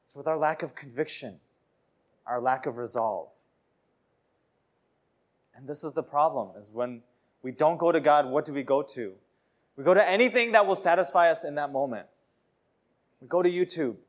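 A man's voice: on the high side, moderate pace, pauses often. A man preaching a sermon in an earnest, conversational way, repeating phrases and restarting sentences.

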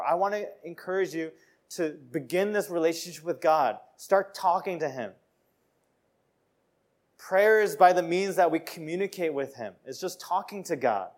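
A man delivering a sermon, his voice sitting a little higher than most men's. He talks earnestly and conversationally, often repeating phrases and stumbling over a word before going on. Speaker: preacher.

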